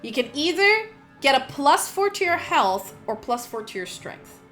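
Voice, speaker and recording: A woman's voice: sits high, sing-song, unhurried, a bit bright, faint music behind. A woman narrating as game master of a tabletop role-playing game, describing scenes in a chatty way with plenty of filler words.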